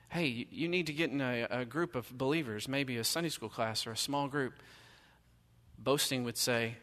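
Middle-aged male pastor, bright forceful tone, casual sermon delivery, long hall reverb. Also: mid-range voice, normal speed. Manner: conversational preaching, emphatic rhetorical questions.

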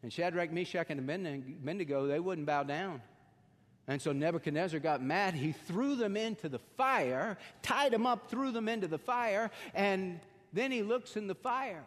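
A male pastor preaches in a fairly high voice. He swells into emphatic peaks and then sinks to soft, slow lines. His words ring out in a long hall reverb. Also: animated. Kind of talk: sermon.

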